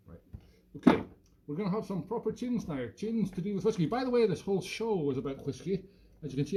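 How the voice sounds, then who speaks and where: A Scottish-accented man with a high-pitched, darkish voice hosts a live stream from home during lockdown, speaking into a phone camera. His casual chat is jokey, rambling and self-mocking.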